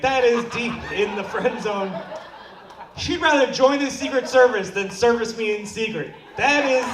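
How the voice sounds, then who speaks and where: A young stand-up comedian from Seattle, USA, with a high voice performs a crude, self-deprecating set on a comedy club stage, playfully bossing the crowd into clapping. The audio is echoey, distant, and has a noisy background.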